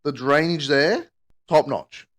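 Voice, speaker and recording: A man's voice: takes it slowly, fairly bright tone. Sweary man telling a story. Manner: rambling, sweary, acts out quotes in higher voices. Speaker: podcast co-host. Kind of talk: casual storytelling chat.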